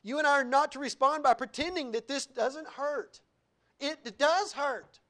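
A male pastor with a lilt delivers a lively sermon. His voice swings from low, quiet asides to bright, loud declarations, broken by laughing remarks. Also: measured pace. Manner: animated, laughing asides, wide swings in pitch and loudness.

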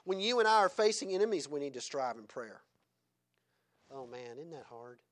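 High-voiced man preaching a sermon. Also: sing-song, normal speed. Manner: swings between loud exhortation and quiet chuckling asides.

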